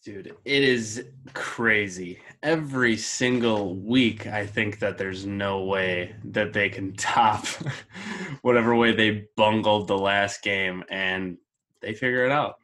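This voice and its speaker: A man co-hosting a casual sports chat, relaxed and laid-back, who laughs easily. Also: on the low side, takes it slowly. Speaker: sports podcast co-host.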